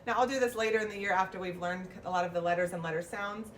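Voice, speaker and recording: A woman's voice: medium pitch, steady tone, fast. Preschool teacher, a woman heard from a distance. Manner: slips into a sing-song teacher voice for demonstrations. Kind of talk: explaining a classroom routine. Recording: distant mic, faint background noise.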